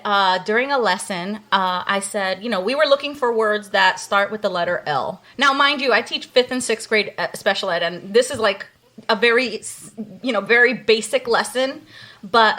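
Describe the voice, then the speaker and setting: Bright, teasing woman co-host. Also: mid-range voice. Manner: teasing, lots of ums, laughs while telling. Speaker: podcast co-host, teacher. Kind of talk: casual storytelling.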